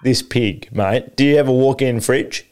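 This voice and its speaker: A man's voice: mid-range voice, moderate pace, darkish tone. A man, teasing his friend with probing questions in a casual chat.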